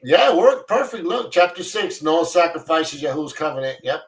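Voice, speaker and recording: With big pitch swings, a somewhat high register, and normal speed, this man is heard on a low-quality recording. He's the host of a live online Torah study, fervently discussing the Bible in an informal way and repeating himself often.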